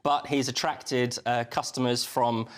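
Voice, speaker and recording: A man's voice: medium pitch, level tone, measured pace. A man, a guest on a breakfast TV show, explaining newspaper stories in casual chat with a few hesitations and restarts. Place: TV studio.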